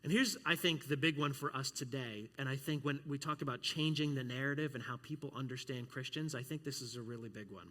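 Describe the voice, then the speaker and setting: A man preaching a sermon as a pastor, telling stories in an animated way and acting out other voices. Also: fairly quick, hardly any pauses. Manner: animated storytelling, acts out voices with big pitch jumps. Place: church sanctuary. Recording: long church hall reverb.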